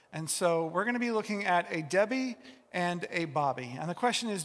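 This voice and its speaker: Upbeat high-voiced man in a reverberant hall. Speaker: host. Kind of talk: casual group talk.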